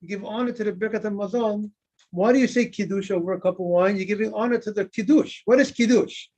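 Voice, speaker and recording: A man's voice: sits high, quick pace, a little mellow. A man, a rabbi, teaching an informal Talmud class, often repeating words and asking his students questions that he then answers himself. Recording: dull lo-fi recording.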